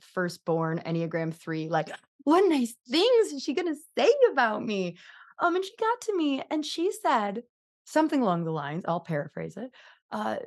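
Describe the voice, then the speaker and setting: American woman, podcast host, bubbly, chatty, self-deprecating, mid-pitched voice. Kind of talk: casual podcast chat and spoken prayer.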